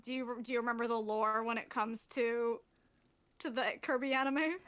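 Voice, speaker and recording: Brief: bright, high-pitched woman, crude and loud-mouthed stream co-host. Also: fairly even intonation, moderate pace, clean tone. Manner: brash, swearing and laughing often. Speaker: guest co-host. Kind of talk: casual livestream chat.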